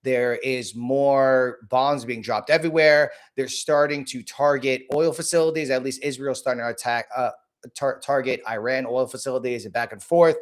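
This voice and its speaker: A man hosting a casual market livestream, hoarse from a cold, blunt and rambling with many restarts. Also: medium pitch, steady tone, normal speed. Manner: rambling, repeats himself, frequent restarts; blunt and casual, greets viewers by name.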